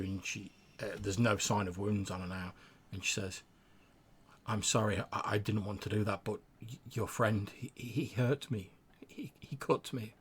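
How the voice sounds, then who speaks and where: Low-voiced man running a tabletop game. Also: a bit bright, slightly rough. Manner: descriptive, with frequent stammered restarts. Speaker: game master.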